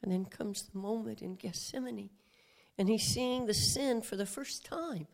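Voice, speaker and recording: A woman preaching a dramatic sermon, swinging between whispers and loud proclamation. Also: on the high side, a little slow, creaky.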